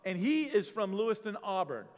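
Male senior pastor from Maine, high voice, animated and humorous sermon delivery, church with long reverb. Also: moderate pace. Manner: conversational, animated storytelling with humor. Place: church sanctuary.

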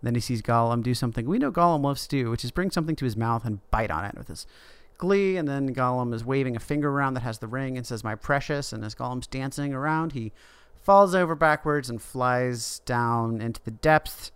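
A man co-hosting a casual book podcast, retelling the story and slipping into quick quoted voices. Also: medium pitch, animated, smooth, no echo. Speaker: podcast co-host. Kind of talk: casual book discussion chat.

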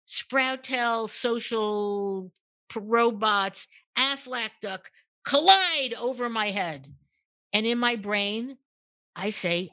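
An older woman telling a work story as a podcast guest, acting out other people's lines with big jumps in pitch and lots of restarts. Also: measured pace, pushed and bright, no room sound, studio quality. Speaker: guest, purpose marketing consultant. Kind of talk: animated storytelling in a podcast interview.

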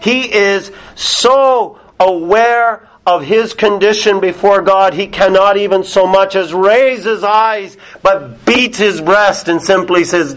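A male preacher delivers a sermon to a small congregation. He speaks slowly and emphatically in a slightly high voice. He lets his voice fall almost to a whisper on the words he wants to land. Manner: deliberate, emphatic, drops very soft on key words.

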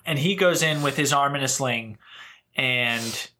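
A man on a casual podcast, telling a family story with lively acted-out voices. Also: a little slow. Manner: animated storyteller, acts out voices with big pitch jumps. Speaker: podcast co-host.

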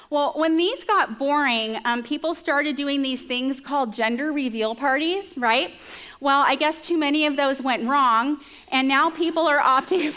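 A woman's voice: high voice, a bit bright. A woman preacher giving a conversational sermon, telling stories with chatty asides to her listeners.

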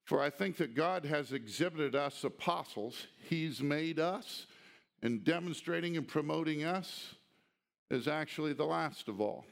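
A man preaching an expository sermon, teaching deliberately and emphatically through a text. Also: a little high, expressive, creaky. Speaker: pastor.

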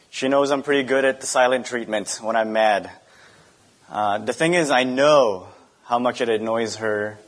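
A young adult man preaches a sermon in an easy, conversational way. He asks his listeners frequent rhetorical questions and slips in personal asides. His voice sits at an ordinary middle pitch. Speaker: pastor.

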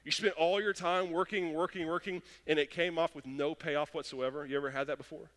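A young adult man preaching a sermon, telling stories and acting out quotes with lively animation. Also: a little high, fairly quick. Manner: animated storytelling with acted-out quotes. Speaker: pastor. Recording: long hall reverb.

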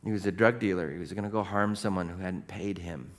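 A middle-aged male pastor delivers a sermon in a lively storytelling style, dropping in casual conversational asides. His voice sits low and he speaks at a quick pace.

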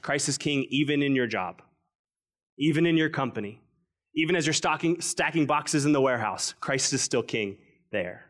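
A man in his thirties preaching a sermon, slowing down and dropping his voice to stress key lines. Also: medium pitch, expressive. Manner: earnest preaching, stretches key phrases slowly, drops quiet for emphasis. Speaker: pastor.

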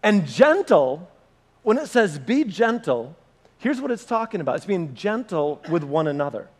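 Male pastor, high voice, animated sermon delivery that speaks directly to the congregation. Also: moderate pace. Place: church meeting room with a live audience.

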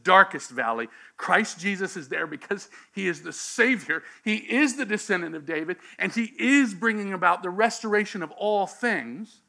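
Middle-aged male pastor, high bright voice, lively storytelling sermon delivery with humor.

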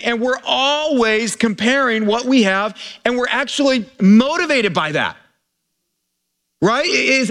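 A pastor preaching a conversational sermon to a congregation, informal, often restarting and repeating words. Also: male voice, very high-pitched, a bit bright. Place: church service before a live congregation.

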